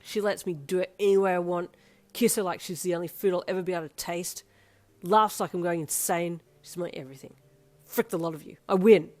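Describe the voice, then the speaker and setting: A woman's voice: fairly low pitch, steady tone, brisk, no echo, lightly acted. Woman voicing a drunk swaggering young guy. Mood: drunk boasting. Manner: slurring, loud and swaggering. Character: drunk boastful young man, team captain.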